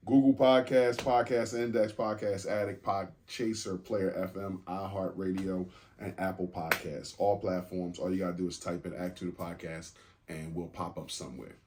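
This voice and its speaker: Very low-voiced laid-back male podcast host. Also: fairly even intonation, moderate pace, noisy background. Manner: laid-back, joking, swears casually. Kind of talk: casual chat.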